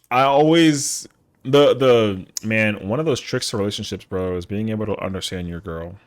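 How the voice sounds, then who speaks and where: A young man streaming an online game, chatting casually and making playful, boastful jokes full of slang. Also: on the low side. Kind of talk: casual chat while gaming.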